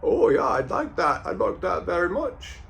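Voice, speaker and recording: A man doing an impression of a gentle, polite Liverpool musician with a put-on Liverpool accent and a high, thin voice. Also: big pitch swings, normal speed, vocal fry, full character voice. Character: impression of a famous singer, Liverpool lad, gentle and upset.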